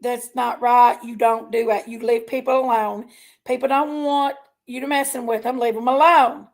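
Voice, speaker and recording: A high-pitched woman with a gravelly, fry-laden edge to her voice. She rants to her viewers in a heated, casual stream. She sounds fired up and keeps reminding herself to calm down. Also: normal speed. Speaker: online commentary streamer.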